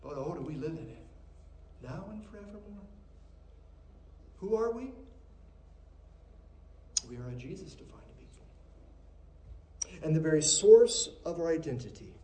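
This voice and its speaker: A middle-aged man from Minnesota preaching a sermon as pastor, moving from quiet, intimate passages to raised, emphatic ones. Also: a little high, lively intonation, unhurried, long pauses, roomy sound, a little hiss or hum, poor audio. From Minnesota, USA.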